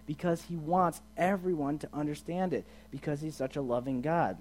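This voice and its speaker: A man giving a casual sermon as a youth pastor, chatty and asking his listeners questions, swinging from quiet to loud and emphatic. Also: on the high side, normal speed, hardly any pauses. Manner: chatty, asks the audience questions.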